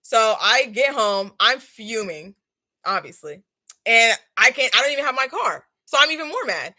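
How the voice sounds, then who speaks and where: A young woman in her twenties telling a casual, slangy storytime while doing a face mask, animated and laughing often. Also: fairly high pitch, moderate pace. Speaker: vlogger.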